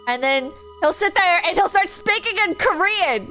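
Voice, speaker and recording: A woman's voice: extremely high pitch, expressive, moderate pace, bright, forceful tone, faint music behind. A woman streamer chatting casually while gaming, telling a rambling story full of "like" and restarts.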